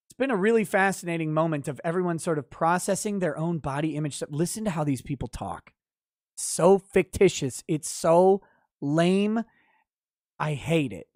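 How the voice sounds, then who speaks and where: A man's voice: on the high side, expressive, moderate pace, darkish tone, no echo, studio quality. A man hosting a casual livestream, reading chat messages and mocking an article with sardonic, profane commentary. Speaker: livestream host.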